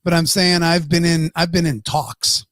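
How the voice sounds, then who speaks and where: A man's voice: a little high, steady tone, normal speed, fairly bright tone. A man co-hosting a casual live-stream podcast, ranting and swearing freely. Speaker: podcast co-host.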